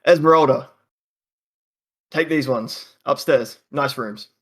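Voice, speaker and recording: A man voicing a small, middle-aged male halfling innkeeper who talks in a brisk, businesslike way. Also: medium pitch, lightly acted. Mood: reassuring.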